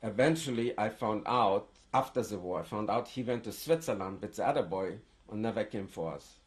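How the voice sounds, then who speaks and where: An older man who grew up in Germany gives oral history testimony as an interviewee, seated indoors with a lapel mic. His lowish voice is animated, but he speaks haltingly with frequent restarts.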